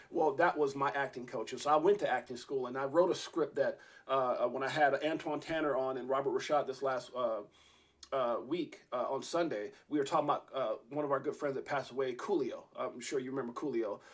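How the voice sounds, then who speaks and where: A man hosting an interview, telling a long rambling story with many restarts and fillers. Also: medium pitch. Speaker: podcast host.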